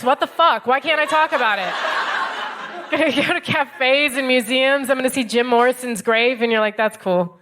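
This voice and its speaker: An American woman in her thirties performing stand-up comedy in a club, wry and deadpan, acting out other people's lines. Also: fairly high pitch, normal speed, background noise. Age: 30s.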